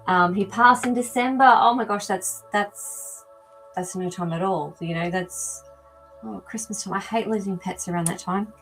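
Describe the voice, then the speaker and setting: A woman's voice: mid-range voice, normal speed, a bit bright, soft background music, poor audio. A woman hosting a live animal communication show, talking casually to viewers and thinking aloud with many ums. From not from America. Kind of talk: live-stream reading for viewers.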